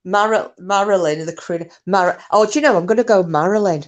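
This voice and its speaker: A woman's voice: medium pitch, brisk, highs cut off. A woman hosting a casual livestream, chatty and giggly, greeting viewers and reading their chat messages aloud with self-mocking humour. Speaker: livestream host.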